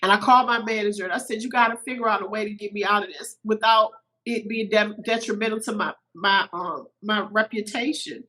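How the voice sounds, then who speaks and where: A middle-aged woman, a podcast guest, telling a personal story in an animated way, a little teary-eyed. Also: medium pitch, fairly quick, rough recording. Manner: animated, acts out quoted voices.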